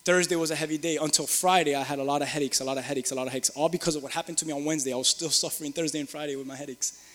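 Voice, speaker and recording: A man's voice: on the high side, steady tone, racing, a bit bright, in a large hall. A middle-aged man preaching a sermon, earnest and repetitive, rising to emphatic peaks. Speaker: pastor.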